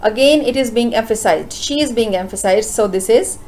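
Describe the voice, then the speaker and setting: Woman teacher, slightly high voice, patient grammar explainer with lots of "uh"s. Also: darkish tone, a little hiss or hum, rough recording. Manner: explains slowly with frequent uh fillers, asks rhetorical questions. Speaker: English teacher. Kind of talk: grammar lesson lecture.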